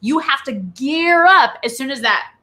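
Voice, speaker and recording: A woman guest in an interview, explaining a charisma framework in an animated coaching manner with frequent "right?" check-ins. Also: sits high, measured pace. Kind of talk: conversational interview.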